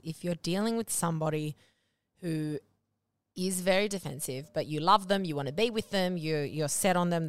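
A woman's voice: fairly low pitch, dry recording. A woman hosting a podcast, giving relationship advice in a casual, blunt way, swearing often and checking in with "okay?". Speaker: podcast host.

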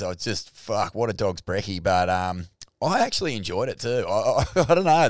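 Sweary Australian man, low voice. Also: clear, resonant tone, dry recording, studio quality. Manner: profane, rambling, excitable. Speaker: podcast co-host. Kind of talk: casual surf talk.

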